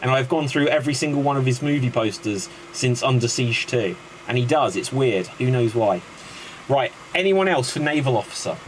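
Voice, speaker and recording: A man's voice: mid-range voice, expressive, slight background noise. A man hosting an improv comedy show, joking, laughing and calling on players. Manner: jokey, quick, laughing between prompts. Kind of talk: casual comedy banter.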